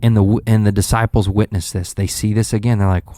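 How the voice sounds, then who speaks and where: A man with a lowish voice co-hosting a faith podcast. He retells scenes with lots of energy and acts out the lines of the people in them. The recording is dry and close to the mic. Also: fast, few pauses, no echo. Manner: animated storyteller, acts out scenes. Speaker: podcast co-host. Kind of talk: casual Bible study chat.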